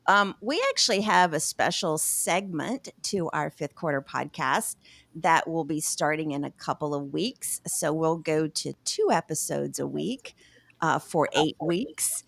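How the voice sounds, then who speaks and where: A woman's voice: deep voice, unhurried, vocal fry, no room sound. A woman with a Southern US accent, co-hosting a podcast and chatting casually with frequent laughter. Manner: laughs often, relaxed. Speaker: podcast co-host. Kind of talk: casual chat.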